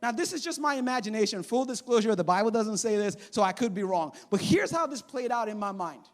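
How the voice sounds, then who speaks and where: A man of around forty preaching a sermon in a church, animated and acting out the voices of people in the story. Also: high voice, a little fast. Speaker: pastor. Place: church sanctuary.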